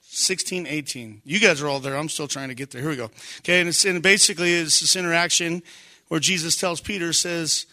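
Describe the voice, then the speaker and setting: Middle-aged male pastor, high bright voice, casual and animated sermon, bursts of shouting. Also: a little fast. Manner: conversational, animated, shouts for emphasis.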